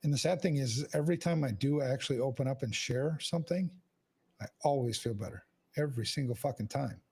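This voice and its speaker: Gravelly husky man, blunt and profane. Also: medium pitch, a little fast, darkish tone. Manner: frank, heavy swearing, restless restarts. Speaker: podcast host. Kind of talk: candid casual conversation.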